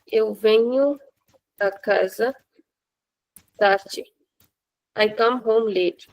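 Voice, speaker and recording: A woman teaching a language class, speaking slowly and patiently and repeating words for her students. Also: a little high, low-quality recording.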